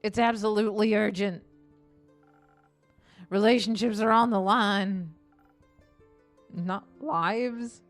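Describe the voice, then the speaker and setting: A woman voicing a boisterous old southern woman patron in a tavern game, in a put-on Southern US accent, loud and theatrical. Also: medium pitch, steady tone, takes it slowly, pauses often, soft background music, pitched above the performer's own voice, close to an everyday voice. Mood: urgent.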